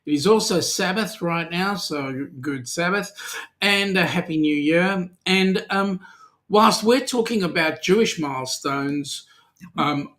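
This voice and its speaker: Speaking slowly in a high-pitched, slightly bright voice, an Australian podcast co-host runs a casual live-stream chat alongside a partner. He calls out viewers by name and teases them.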